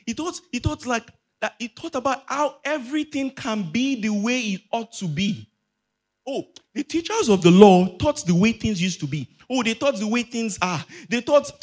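A man preaching a sermon as pastor, emphatic, repeating phrases and asking the congregation rhetorical questions. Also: high voice.

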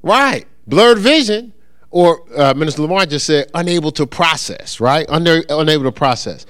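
Preaching at a moderate pace, the pastor has a somewhat high, expressive, slightly bright voice. His sermon is interactive and humorous: he prompts the congregation to respond and acts out quoted voices. The sound is dry and of studio quality.

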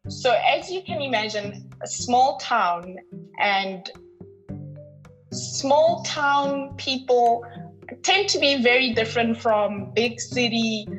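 A woman's voice: on the high side, expressive, unhurried, a bit bright, soft background music, poor audio. Heartfelt woman telling her story. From North West, South Africa. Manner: heartfelt, emphatic, leans on repeated words. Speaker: podcast guest. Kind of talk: personal storytelling in an interview.

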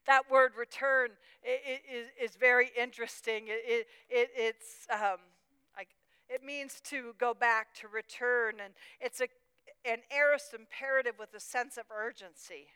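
Woman preaching, slightly high voice, dry close sound, goes from quiet to fired up. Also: smooth, no room sound, low-quality recording. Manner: emotional, swings from hushed to impassioned. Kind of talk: sermon.

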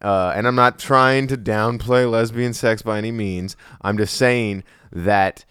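A man's voice: fairly low pitch, steady tone, unhurried, a bit bright, clean tone, no room sound, studio quality. A young man chatting crudely on a podcast, rambling with many restarts. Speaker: podcast co-host. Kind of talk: casual chat.

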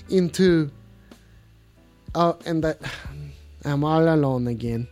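A man's voice: fairly high pitch, slow, pauses often, a little mellow, soft background music. A man hosting a live call-in show in a clumsy put-on French accent, playful and rambling.

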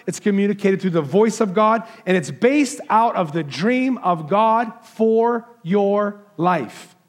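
A man preaching a Christmas sermon, talking with the children in the congregation and asking them questions. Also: high voice. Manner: warm, conversational preaching, walks into the crowd asking kids questions. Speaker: pastor.

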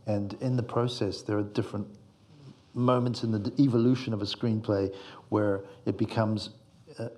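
A man's voice: on the low side, little pitch movement, normal speed, dark tone. A male screenwriter giving reflective, meandering interview answers, fond of analogies.

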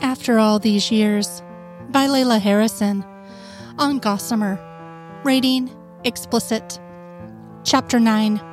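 A woman narrating a fan fiction story in a steady, soft-spoken reading. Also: a little high, takes it slowly, pauses often, soft background music. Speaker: audiobook narrator.

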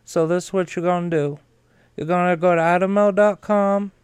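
A man's voice: sits high, steady tone, normal speed, clear, resonant tone, dry recording, clean studio sound, lightly acted. Man doing a folksy old Southern ex-president. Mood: pitchman. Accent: Southern US, put on. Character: older Southern male ex-president, folksy and gentle.

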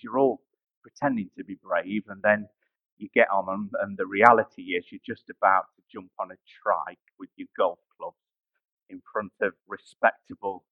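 A man's voice: fairly low pitch, no room sound, narrow, tinny audio. A man preaching a sermon, telling a personal story and building to emphatic rises.

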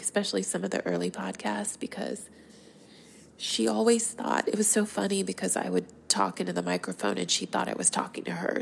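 A woman podcast host closing her show with a heartfelt sign-off, speaking gently and earnestly, often in a soft breathy half-whisper. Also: medium pitch, slight background noise.

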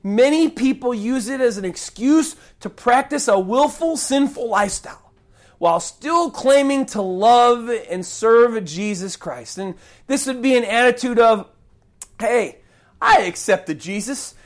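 A man's voice: very high-pitched, expressive, unhurried. A man preaching a sermon with an impassioned, conversational delivery and folksy asides, sometimes acting out prayers and other voices.

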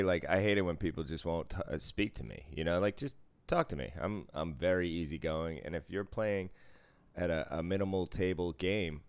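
Deep smooth-voiced man, blunt and profane. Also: dry recording. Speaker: casino dealer. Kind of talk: casual chat.

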